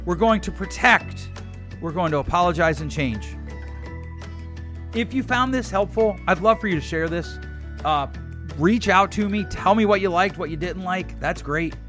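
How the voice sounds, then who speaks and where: A man's voice: sits high, lively intonation, normal speed, a bit bright, soft background music. A middle-aged man hosting a solo relationship advice podcast, blunt and emphatic as he urges listeners to change. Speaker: podcast host.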